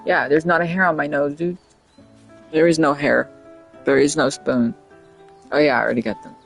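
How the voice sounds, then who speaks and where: A young man with a slightly high voice rambles through casual gameplay commentary from his home setup. He jokes around and laughs often, with faint game music under his talk. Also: steady tone, moderate pace, gravelly, a bit bright. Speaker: livestreamer.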